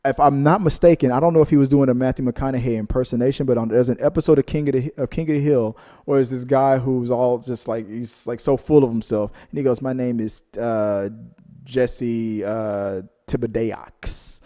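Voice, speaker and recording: A man's voice: mid-range voice, fairly even intonation, fast talker, few pauses, warm tone. A man co-hosting a reaction channel, chatting casually as he reads out viewer comments, rambling into side stories and then apologizing for them. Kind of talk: casual chat.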